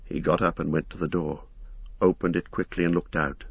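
A man narrating an audiobook in a steady, even storytelling manner. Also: sits low, brisk, gravelly, slightly rough, no room sound, muffled recording. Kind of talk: scripted narration.

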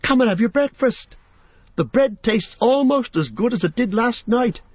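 A man voicing a cheerful, chatty young male hobbit in a high, eager, inquisitive voice while reading an audiobook. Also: lively intonation, moderate pace, breathy edge, no echo, full character voice. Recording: dull, dry recording.

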